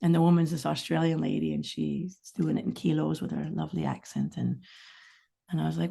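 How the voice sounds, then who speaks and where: Gravelly, low-pitched middle-aged woman storyteller. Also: fairly quick. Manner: candid, rambling storytelling with lively asides. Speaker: guest, singer-songwriter. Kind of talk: casual podcast interview chat.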